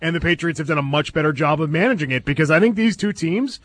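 A man's voice: on the high side, expressive, quick pace, fairly bright tone. A man co-hosting a sports radio show, giving blunt opinions in studio chat. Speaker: radio co-host. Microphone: studio microphone.

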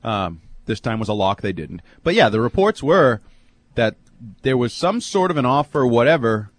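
A man's voice: mid-range voice, big pitch swings, normal speed. New man, wry radio co-host, mid-range voice, offhand chat. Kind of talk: casual sports radio chat.

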